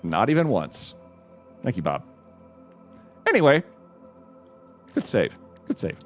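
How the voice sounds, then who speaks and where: Excitable male streamer retelling a story. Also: unhurried, faint music behind. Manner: excited retelling, frequent restarts, dramatic jumps in pitch. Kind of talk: animated storytelling while gaming. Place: home.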